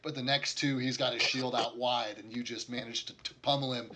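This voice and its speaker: Man, game master, casual profane narration, middle pitch, faint clicking in background. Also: steady tone, a little fast, background noise. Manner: casual, profane, rambling with fillers.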